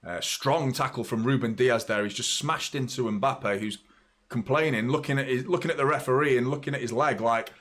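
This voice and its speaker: Excitable football fan host. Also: male voice, medium pitch, a little fast. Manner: excitable, swears freely, fan banter. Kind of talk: live match commentary and casual chat.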